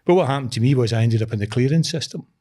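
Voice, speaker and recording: Glaswegian guy being interviewed, lots of uh's and restarts, relaxed chatty tone. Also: medium pitch, racing, slightly rough. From Scotland. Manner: hesitant restarts with many uh fillers. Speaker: guest, construction commercial director. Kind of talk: casual interview.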